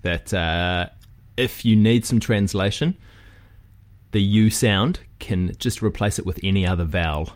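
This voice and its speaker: Podcast guest, New Zealand man, very low voice, relaxed and rambling. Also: a little slow. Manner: relaxed, chatty, frequent fillers and restarts. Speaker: guest, physical therapist. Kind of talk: casual podcast conversation.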